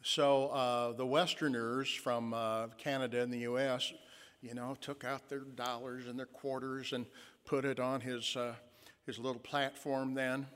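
A man's voice: medium pitch, little pitch movement, a little slow, fairly bright tone, smooth. A man preaching a sermon. He muses with fillers and retells a story vividly in the second person. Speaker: pastor. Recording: long reverb of a large hall.

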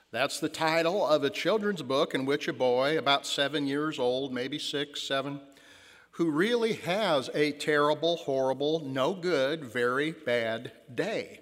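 A man preaching a sermon as pastor, telling stories and slowing down to stress key lines. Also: fairly high pitch, fairly bright tone. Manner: storytelling, slows for emphasis. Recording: long church reverb.

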